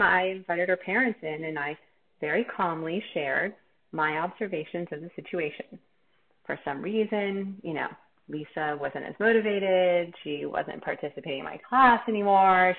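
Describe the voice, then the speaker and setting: A woman's voice: sits low, creaky. A woman teacher telling a personal story in a candid, reflective, self-deprecating way. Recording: tinny phone-like line.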